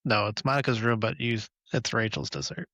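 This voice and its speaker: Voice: medium pitch, animated, fairly quick, fairly bright tone, dry recording, lo-fi sound. A podcast co-host in a casual recap chat, chiming in with short interjections and corrections.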